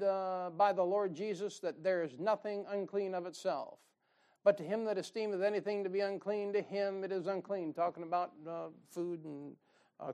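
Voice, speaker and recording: High-voiced, fired-up preacher. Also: male voice. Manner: folksy, joking, fired-up preaching with sudden loud bursts. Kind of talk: sermon.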